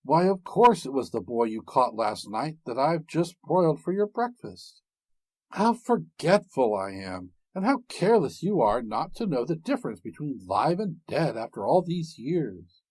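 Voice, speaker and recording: A man's voice: on the high side, big pitch swings, unhurried, darkish tone, slightly rough, dry recording, full character voice. A man voicing an ogre's wife in a storybook reading, sing-song, fussing and chiding. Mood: scolding. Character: cunning, scolding ogre's wife, middle-aged woman.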